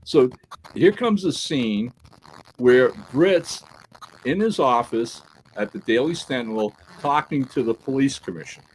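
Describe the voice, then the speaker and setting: Animated man telling a story. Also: mid-range voice, a little slow, slight background noise, low-quality recording. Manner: animated storyteller who acts out quoted dialogue; peppers talk with "right?" and "all right?". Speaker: podcast co-host. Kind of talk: casual podcast chat.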